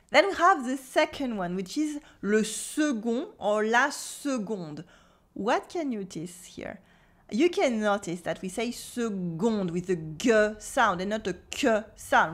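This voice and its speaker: A woman with a French accent leads a pronunciation lesson at an unhurried pace. Her voice sits a little high, and she works through careful drills, pausing so the listener can repeat after her. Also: expressive. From France. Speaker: French teacher.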